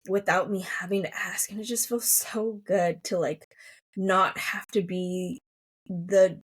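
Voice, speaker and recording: A pregnant woman in her thirties hosts a solo podcast, speaking softly, emotionally, and reflectively with many fillers. Her voice is mid-range.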